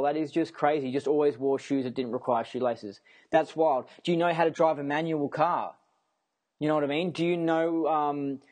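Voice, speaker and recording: A man's voice: medium pitch, a little mellow. Rambling, swearing man ranting. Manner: rambling, emphatic, swears freely; repeats himself and restarts sentences. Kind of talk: casual rant to camera.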